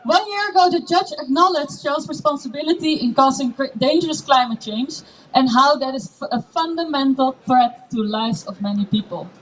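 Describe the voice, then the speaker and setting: High-voiced woman giving a rally speech. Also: normal speed. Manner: rhetorical, with emphatic repetition. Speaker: campaign speaker. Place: outdoor street protest. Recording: distant mic with faint noise.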